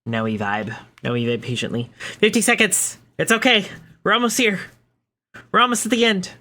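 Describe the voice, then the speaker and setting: A young woman chatting casually to her viewers while streaming a game, excitable and talking to her cat. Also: on the low side, normal speed. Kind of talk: casual live stream chat.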